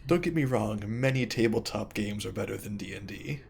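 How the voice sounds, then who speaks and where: A man's voice: lowish voice, brisk, vocal fry, darkish tone, slight background noise. A man playing a video game, casually thinking aloud and reading in-game text to a friend. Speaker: game streamer. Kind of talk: casual gameplay chat.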